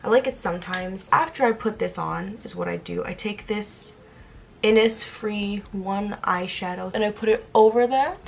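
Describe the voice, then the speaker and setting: A woman in her twenties talks through her makeup routine in a casual, rambling way. She is chatty and self-deprecating, and her voice sits at an ordinary middle pitch. A faint hum of noise runs under the recording. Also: normal speed, creaky. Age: 20s. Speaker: vlogger. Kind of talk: casual get-ready-with-me chat.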